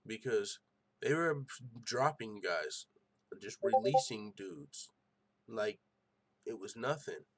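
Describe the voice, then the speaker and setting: Young man, MMA show host, casual podcast rant, excitable, swears a lot, middle-pitched voice. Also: slow, gravelly, pauses often. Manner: animated, profane, excitable rants.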